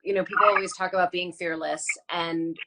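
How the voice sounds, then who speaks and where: A woman's voice: lowish voice, fairly even intonation, a little fast, heavy background noise. A woman hosting an interview over a video call, reflecting on and affirming what her guest says. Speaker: podcast host. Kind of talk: casual interview chat.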